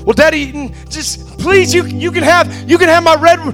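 A preacher acting out a small five-year-old girl, her voice pushed high and eager as she stammers and begs. Soft music plays faintly behind. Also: normal speed. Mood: pleading. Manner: stammering, begging.

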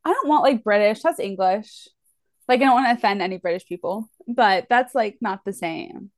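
A woman's voice: mid-range voice, moderate pace, dry recording, studio quality. A woman co-hosting a book podcast in casual chat, talking in restarts with lots of "like". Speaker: podcast co-host.

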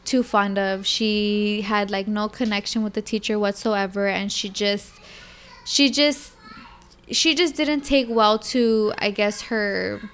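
A young woman chatting casually and telling a story in an animated way, acting out a little child's lines. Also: medium pitch, slow pace, clear, resonant tone. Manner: animated storyteller, acts out her toddler's lines. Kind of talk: casual chat.

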